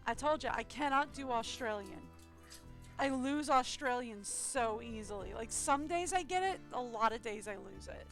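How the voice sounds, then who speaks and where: A woman's voice: fairly high pitch, lively intonation, normal speed, faint music behind. A woman game streamer making self-mocking, chatty asides. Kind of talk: live game commentary.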